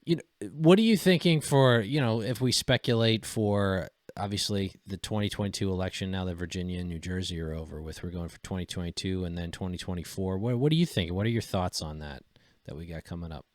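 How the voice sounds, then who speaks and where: A man's voice: low-pitched, fairly quick, no room sound, clean studio sound. A man co-hosting a podcast, chatting casually with a sarcastic, mocking edge. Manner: sarcastic, laughing, exaggerated mockery. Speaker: podcast co-host. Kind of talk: casual political chat.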